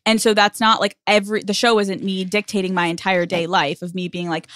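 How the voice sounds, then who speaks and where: A woman's voice: medium pitch, a little fast, few pauses, no echo, clean studio sound. A young woman, a podcast guest, telling a story in casual talk and acting out the voices of the people in it. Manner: animated, acts out voices in her stories.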